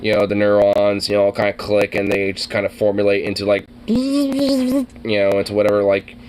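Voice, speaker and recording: A man's voice: lowish voice, lively intonation, moderate pace, darkish tone, a little hiss or hum. Guy streamer going off on crude tangents, voice jumps all over. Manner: rambling, crude, laughs often. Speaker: streamer reacting to videos. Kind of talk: casual reaction commentary.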